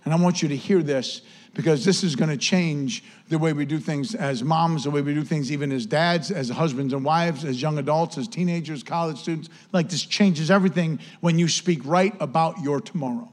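Male pastor, 50s, grandfather, fervent church prayer, slightly high voice. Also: moderate pace. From United States. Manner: fervent, repetitive prayer with rising emphasis. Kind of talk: sermon.

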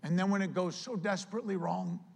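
A male pastor preaching a sermon with lively delivery, acting out quoted voices. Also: high voice, fast, vocal fry, husky.

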